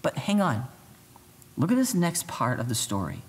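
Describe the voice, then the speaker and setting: Preaching to young people as their pastor, this man keeps things animated and conversational while voicing the people in his story. He speaks at a medium pitch and a moderate pace.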